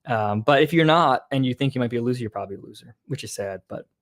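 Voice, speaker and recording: A man talking casually on an online show, deadpan and blunt, repeating his points flatly. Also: medium pitch, quick pace. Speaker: show guest explaining a theory.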